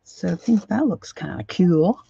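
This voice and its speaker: A woman's voice: on the low side, expressive, moderate pace, gravelly, dark tone, lo-fi sound, a little hiss or hum. A woman hosting a craft livestream who rambles and thinks aloud as she works, often trailing off mid-sentence. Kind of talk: casual crafting tutorial.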